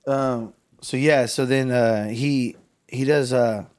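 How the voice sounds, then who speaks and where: A man's voice: medium pitch, takes it slowly. A man, a barber hosting a podcast, telling a story in casual chat and acting out the voices in it. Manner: animated, acts out the voices in his story.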